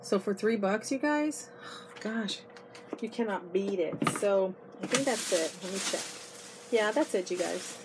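A woman's voice: medium pitch, lively intonation, a little slow. A middle-aged woman chatting to her viewers in a casual haul video, gushing and losing her voice. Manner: chatty and gushing, addresses viewers as "you guys". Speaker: vlogger. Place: inside an RV. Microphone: iPod. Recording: noisy home video.

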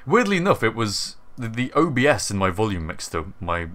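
A man's voice: on the low side, sing-song, fairly quick, a bit bright, slight background noise. A British man hosting a casual livestream, chatty and self-mocking, sounding a bit tired from hours on air. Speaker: stream host.

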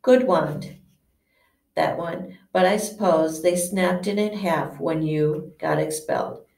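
A woman's voice: lowish voice, a little mellow. A woman voicing a musing old wandmaker. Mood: stern. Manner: musing, measured, with hesitant restarts. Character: old male wandmaker, eerie and intense. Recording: echoey room, distant mic.

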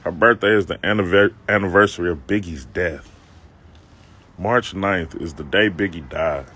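A man's voice: sits low, moderate pace, a bit bright, breathy edge. A man telling a comic story from his own life to a live-stream audience, loose and slangy, with self-mocking asides to his viewers. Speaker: comedic vlogger telling a story. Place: outdoors on a city street.

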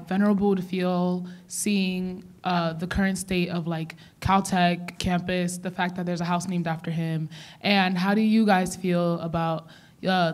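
Flat-voiced young woman asking a question. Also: lowish voice. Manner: rambling, with many fillers. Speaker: audience member asking a question. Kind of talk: question from the audience.

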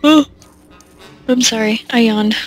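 A fairly high-voiced woman talks loosely over a game, wandering off topic and poking fun at herself. She fills pauses with "uh" and "like" and breaks into giggles. Soft game music plays faintly underneath. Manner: rambling, self-deprecating, giggly, many fillers. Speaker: let's play commentator. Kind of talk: casual gameplay commentary.

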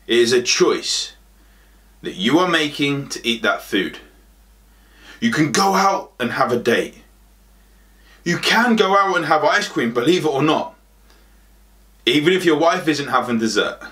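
A man's voice: mid-range voice, sharp tone. A man, a health coach giving a motivational talk, emphatic and direct, hammering his points with repetition.

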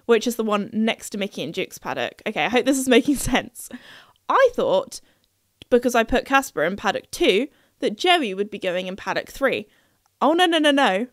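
A woman's voice: on the high side, dry recording, studio quality. A young woman hosting a podcast, telling a story in a chatty, playful way and laughing at herself. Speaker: podcast host.

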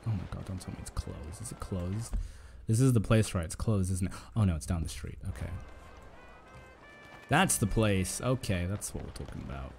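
A man's voice: low-pitched, lively intonation, moderate pace, vocal fry, darkish tone, soft background music. A man streaming a video game, chatting and joking to himself and his viewers. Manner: chatty and jokey, talking to himself and to chat. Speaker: gaming streamer. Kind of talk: casual live-stream commentary.

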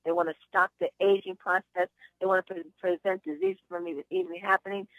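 A woman's voice: on the low side, flat delivery, a little fast, no room sound. A woman hosting a conference call, telling chatty stories and giving upbeat sales encouragement over a phone line. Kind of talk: motivational sales talk with anecdotes.

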